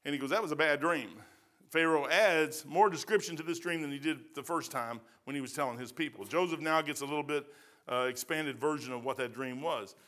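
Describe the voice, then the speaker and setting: A man's voice: a little high, brisk, a bit bright. A male pastor with a Midwestern American accent, preaching a verse-by-verse sermon in a folksy, emphatic way with colloquial phrasing. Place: church sanctuary.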